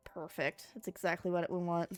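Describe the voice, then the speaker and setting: A woman's voice: fairly low pitch, flat delivery, moderate pace, clean tone, faint music behind. A woman streaming a game in a casual, rambling way, sounding sleepy after just waking up and chatting with her viewers.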